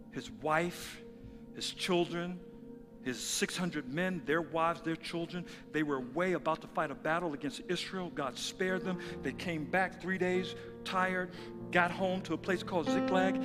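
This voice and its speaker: A man preaching a sermon as pastor, dropping to quiet asides and then building to loud, shouted passages. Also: fairly high pitch. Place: church sanctuary. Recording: music under a voice in a large reverberant hall.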